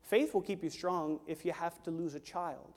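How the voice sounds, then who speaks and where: A man's voice: a little high, moderate pace. Man preaching in a reverberant church. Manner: preaching with sharp swings from hushed to loud. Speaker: pastor. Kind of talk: sermon. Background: worship team instruments.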